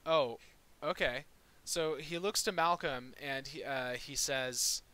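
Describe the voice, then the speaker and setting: A man's voice: mid-range voice, takes it slowly, sharp tone, slight background noise. A man narrating as dungeon master, casual and rambling with many fillers. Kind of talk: narrating a tabletop game.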